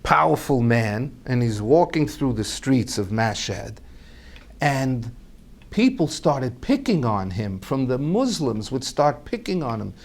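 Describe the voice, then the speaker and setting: A man's voice: medium pitch, sing-song, measured pace, vocal fry. A man telling a family story aloud, animatedly acting out each character's voice.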